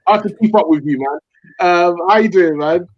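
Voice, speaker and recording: Casual male podcast host, slightly high voice, dull lo-fi dry sound, friendly banter. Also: a little fast. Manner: relaxed, jokey, calls guests brother and man. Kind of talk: casual live podcast hosting.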